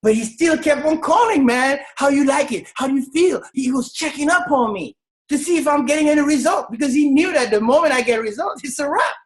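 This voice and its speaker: A woman in her thirties from Senegal giving an energetic, emphatic motivational testimony on a video call, often raising her voice to tell her story. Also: high-pitched, brisk, low-quality recording. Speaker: network marketing leader.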